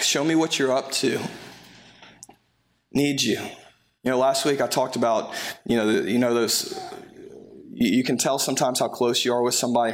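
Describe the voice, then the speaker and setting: A man preaching a sermon in a relaxed, conversational way, with friendly asides and filler words. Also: mid-range voice. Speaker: pastor.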